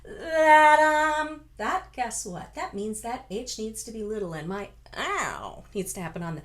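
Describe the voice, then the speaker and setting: A woman's voice: fairly high pitch, sing-song, a little slow. A woman vocal coach from the United States giving a chatty, encouraging singing lesson, breaking into full-voiced sung examples.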